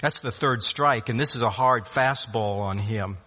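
A man preaching a sermon, swinging between loud rising questions and hushed low drops, often repeating words as he restarts a phrase. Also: a little slow, breathy edge. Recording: long hall reverb.

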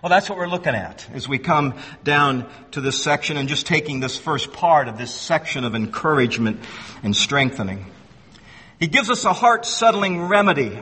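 A man delivers an earnest expository sermon in a high, bright, ringing voice. He repeats words as he restarts and leans hard on key phrases. It is heard through a long hall reverb. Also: slightly rough. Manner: slows down to stress key phrases. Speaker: pastor.

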